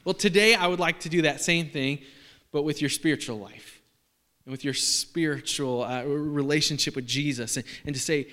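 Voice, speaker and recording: In a church hall with the long reverb of a large space, a pastor preaches a sermon to his congregation in a casual, joking way, using lots of fillers. His voice sits on the high side, pushed and bright, with fairly even intonation at a normal speed.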